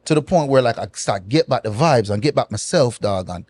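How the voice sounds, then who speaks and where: A man's voice: medium pitch, slightly rough, no echo. Man with speech. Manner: animated, patois-laced, drawn-out pauses. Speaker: guest. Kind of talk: casual storytelling interview.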